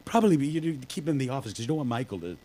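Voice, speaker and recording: A man's voice: mid-range voice, sing-song, very fast, a crowd in the background, low-quality recording. A man co-hosting a podcast in casual chat, telling stories loosely with lots of fillers and swearing. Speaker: podcast co-host.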